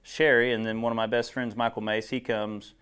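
A man's voice: mid-range voice, level tone, fairly quick, fairly bright tone, clear, resonant tone. A man preaching casually to a small group in a meeting room, joking and folksy, chatty, recorded on a clip-on wire mic.

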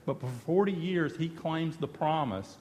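A man's voice: on the high side, animated, a little slow, a little mellow, big-room sound. A man preaching a sermon, repeating phrases for emphasis and speaking quoted lines of God and the people. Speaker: pastor.

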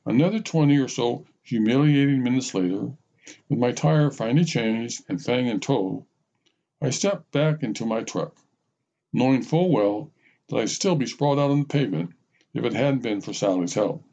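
A man's voice: medium pitch, expressive, normal speed, warm tone. Wry, self-mocking male storyteller. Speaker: podcast host and storyteller. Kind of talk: scripted first-person storytelling. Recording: slightly dull lo-fi recording.

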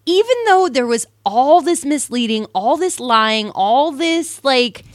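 A woman's voice: sits high, a little slow, dry recording, studio quality. A woman co-hosting a podcast, chatting casually and acting out quotes as she recaps a show. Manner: animated, acts out quotes as she retells. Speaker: podcast co-host.

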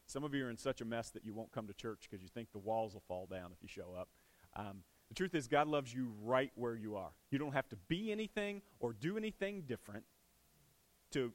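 A man preaching a sermon in a church, earnest and conversational. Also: medium pitch. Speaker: pastor.

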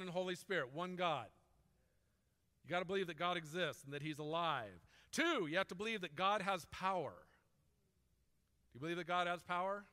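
A man's voice: a little high, sharp tone, long reverb tail. A man preaching a sermon in a conversational, storytelling way. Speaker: pastor.

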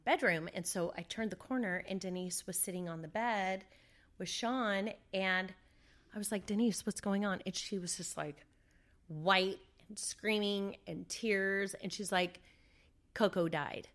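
Speaking with a medium-pitched, slightly bright voice, this middle-aged interview guest recounts something from her own life casually. She uses plenty of fillers and replays other people's words as dialogue.

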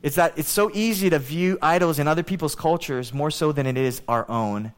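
A man preaching a sermon, telling a story in a chatty, animated way with many fillers. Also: a little high, fairly quick, clean tone. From Hawaii. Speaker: pastor.

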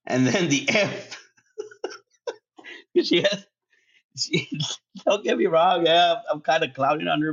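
A man's voice: fairly high pitch, a bit bright. A man hosting a casual solo podcast. He laughs often, swears freely and drops Spanish words into his English. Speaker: podcast host. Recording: dull lo-fi sound.

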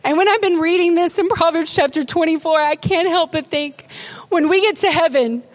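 A woman pastor preaching a sermon, telling stories with animated, emotional delivery that turns tearful at times. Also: extremely high pitch, normal speed.

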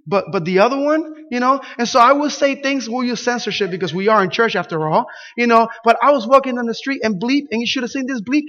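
Pastor, male, Spanish speaker, high voice, animated storyteller, lo-fi recording. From Puerto Rico. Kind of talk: sermon with a personal story. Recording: dull lo-fi sound.

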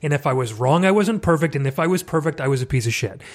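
A middle-aged Canadian man hosting a casual conversation, candid and self-deprecating with animated asides. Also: a little high, fast talker. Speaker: podcast host.

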